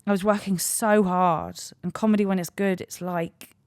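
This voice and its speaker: A woman in her thirties with a low voice tells a story with frank, self-mocking humour. She rambles and restarts her sentences as a comic podcast host. She is recorded dry and close on a studio mic. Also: steady tone, moderate pace, darkish tone, no echo. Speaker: podcast host and stand-up comedian.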